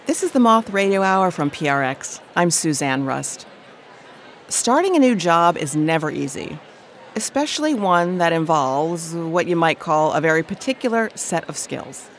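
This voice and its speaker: A woman radio host reading a measured, scripted introduction. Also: on the low side, very animated, a little hiss or hum.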